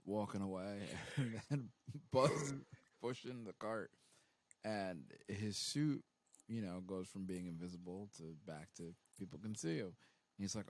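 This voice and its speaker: A man co-hosting a podcast, casually retelling a show's plot, laughing and doing squeaky voices for quotes. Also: unhurried, low-quality recording. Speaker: podcast co-host. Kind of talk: casual movie recap chat.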